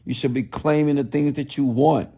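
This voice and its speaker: A man's voice: medium pitch, steady tone, moderate pace, creaky, warm tone, slightly rough. A man giving a blunt, preachy motivational talk to a live audience, often asking if it makes sense. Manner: preachy, repetitive call-and-response questions; blunt, scolding. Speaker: motivational speaker.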